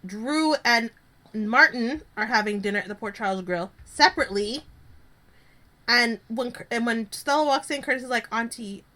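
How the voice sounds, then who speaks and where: A woman co-hosting a podcast, chatting casually and retelling scenes with quick acted-out lines. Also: on the high side, bright, forceful tone. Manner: chatty, acts out characters' lines while retelling. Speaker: podcast co-host. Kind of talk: casual chat recapping a soap opera.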